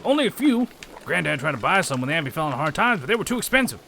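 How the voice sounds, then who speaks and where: A man's voice: on the high side, very animated, very fast, creaky, pushed and bright, a little hiss or hum, voice pushed up, exaggerated voice. A man voicing a blunt, down-to-earth farmer. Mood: matter-of-fact. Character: plain-spoken male farmer, practical and down to earth.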